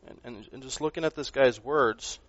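A man's voice: medium pitch, moderate pace, no echo. Earnest preaching man, dull dry sound. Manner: earnest, swings between loud emphasis and quiet asides, repeats words. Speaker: pastor. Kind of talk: sermon.

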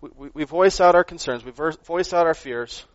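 A man preaching a sermon, earnest, rising to loud emphasis and dropping to quiet asides, often repeating words as he goes. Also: fairly high pitch, moderate pace, dry recording, muffled recording. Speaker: pastor.

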